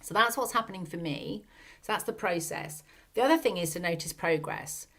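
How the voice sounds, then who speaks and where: A woman talks on her own podcast, sincere and reflective, asking one rhetorical question after another. Her voice sits a little low for a woman, and she speaks as a coach working through her own experience. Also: lively intonation, moderate pace, vocal fry, a bit bright. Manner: earnest, many rhetorical questions. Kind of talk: reflective solo podcast talk.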